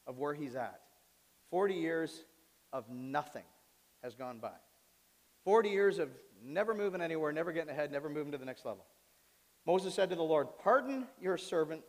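A male pastor preaching a sermon, swinging between quiet asides and loud, pleading outbursts. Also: on the high side. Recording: long reverb of a large hall.

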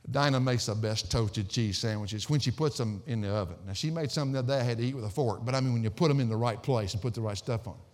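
A man preaching a sermon as pastor, swinging between loud emphatic declamation and low, conversational asides. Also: long reverb tail.

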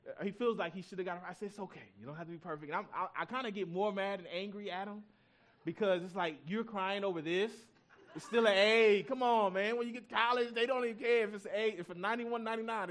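A man in his thirties preaching a sermon in a church, telling a personal story in a loose, conversational way and climbing up in pitch whenever he presses a point. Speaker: pastor.

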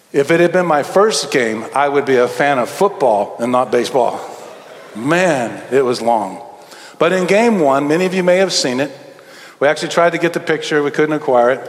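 A middle-aged pastor preaches in a sanctuary with a long, ringing reverb. His voice sits fairly high, and he tells stories, dashing through asides and then slowing down to lean on key words. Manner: storytelling, swings between quick asides and slow emphatic phrases. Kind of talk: sermon. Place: church sanctuary.

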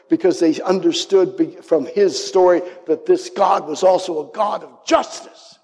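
A male pastor preaching a dramatic sermon, acting out the voices he quotes and dropping to soft asides. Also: a little high, normal speed. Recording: long hall reverb.

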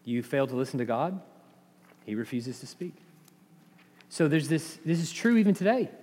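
A man with a high voice preaches a sermon, talking conversationally and animatedly as he acts out quoted voices. His words ring out with the long reverb of a hall. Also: big pitch swings, normal speed, a little mellow, husky. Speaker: pastor.

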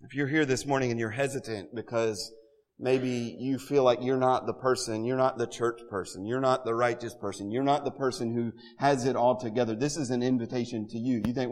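A man's voice: mid-range voice, normal speed, big-room sound. A man preaching an earnest, conversational sermon to a congregation in a church, building to emphatic peaks. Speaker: pastor.

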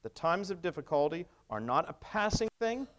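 A man's voice: fairly high pitch, very animated, moderate pace, fairly bright tone. A male pastor preaching a sermon, emphatic and wry, asking the congregation rhetorical questions. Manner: wry humor.

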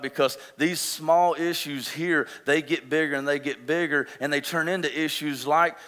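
A man in his thirties preaching a sermon as pastor, with emphatic repetition, swinging between forceful declarations and hushed, intense asides. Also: on the high side, fairly even intonation, normal speed, few pauses, big-room sound.

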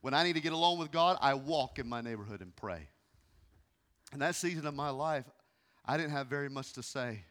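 A man in his thirties, a pastor preaching a sermon, moving from quiet, hushed passages to loud, pleading ones. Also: mid-range voice, fairly quick, long pauses. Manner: emotional, swings from hushed to loud.

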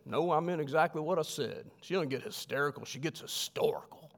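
A man voicing a wry older man who calmly complains about his wife. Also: a little high, brisk, gravelly, in a large hall. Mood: dry.

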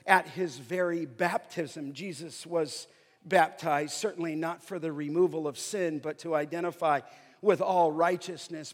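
A man preaching an expository sermon, emphatic, slowing down to stress key phrases as he reads scripture. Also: sits high. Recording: long hall reverb.

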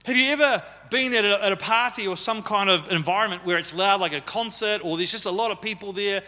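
High bright-voiced preacher in a hall. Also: male voice, a little fast. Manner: conversational, teasing the congregation. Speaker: pastor. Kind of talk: sermon. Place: church hall. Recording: live sermon with long hall reverb.

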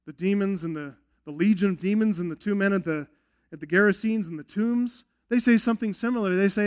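High-voiced man preaching an emphatic sermon. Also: a little fast. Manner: earnest, emphatic preaching with rhetorical questions. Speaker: pastor. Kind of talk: expository sermon.

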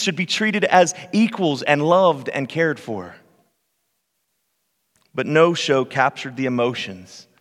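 A pastor delivering a sermon in a church, telling stories earnestly and dropping to quiet, hushed passages. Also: male voice, on the high side. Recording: long reverb of a church hall.

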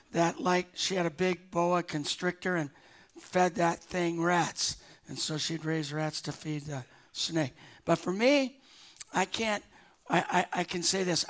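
A pastor telling a personal story during a conversational sermon, with easy restarts. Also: male voice, high-pitched, a bit bright.

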